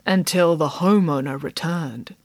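A woman's voice: sits low, measured pace, a little mellow, no room sound, voice pushed down. A woman voicing a boisterous, greedy female pig nanny in an audiobook who tells stories theatrically. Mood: boastful.

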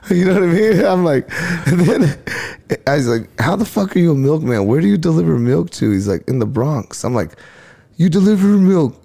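Gravelly and slightly high, this man's voice moves at a somewhat fast clip. He's a stand-up comedian chatting on a podcast, animatedly replaying his crowd exchanges and breaking into frequent laughter.

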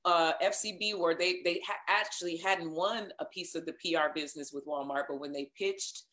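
A woman voiceover artist telling her career story in a casual interview, animated and acting out what people said. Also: lowish voice, moderate pace. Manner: animated, acts out quoted dialogue.

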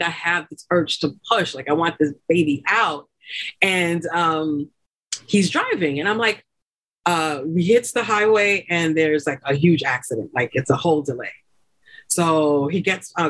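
On a podcast, a female guest tells her own birth story in a lively, casual chat. She laughs often, leans on fillers like "like" and "you know," and acts out the people she quotes in loud, high bursts.

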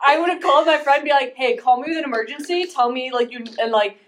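A woman's voice: sits high, quick pace, a bit bright. A woman co-hosting a casual podcast, reacting to a friend's story with casual swearing. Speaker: podcast co-host. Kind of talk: casual chat.

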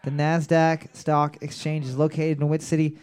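Loud, joking quizmaster with a bright high voice, working a bar crowd. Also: male voice, completely flat delivery, normal speed, clear, resonant tone. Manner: brash, swearing, joking, bellowing calls. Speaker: trivia quizmaster. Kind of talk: live pub trivia hosting.

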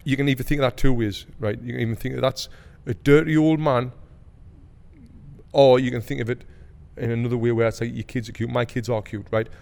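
A man's voice: mid-range voice, brisk, gravelly. Man telling a story in a roomy echo. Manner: animated, swearing, acts out quoted voices. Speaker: podcast co-host. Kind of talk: casual storytelling chat.

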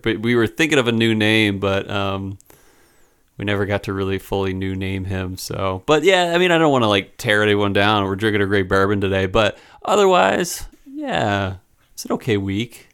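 A man talks in a low, gravelly voice that still sounds smooth and clear. He rambles through casual podcast chat, halting and restarting with many fillers. He sounds a little downcast. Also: a bit bright.

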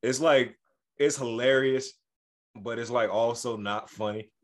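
A man on a casual podcast, talking loose and easy with plenty of slang. His voice sits at a middle pitch. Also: a little slow. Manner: relaxed slang-heavy talk. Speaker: podcast co-host. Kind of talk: casual chat.

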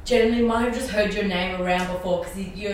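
A woman's voice: medium pitch, fairly even intonation, fast talker. A young woman chatting and chiming in on a casual podcast. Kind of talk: casual chat. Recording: echoey, distant from mic, faint noise.

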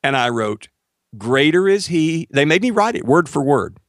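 As a guest, a man tells his testimony with great animation, acting out dialogue with big pitch jumps and speaking earnestly straight to the host. His pace is moderate, and the studio-quality audio has no room sound.

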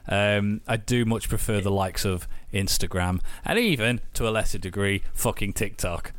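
A man's voice: on the low side, normal speed, no room sound. A man, co-hosting a casual podcast, telling stories with lots of swearing. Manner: sweary, animated storytelling. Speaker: podcast co-host. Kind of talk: casual chat.

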